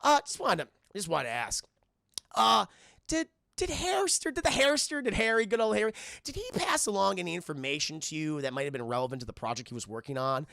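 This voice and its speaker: Man putting on a sly corporate boss, fawning, falsely friendly, gravelly, bright-edged. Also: high-pitched, very animated, fast talker, no echo, studio quality, heavily acted. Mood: smarmy. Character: sly smooth-talking corporate boss, middle-aged man.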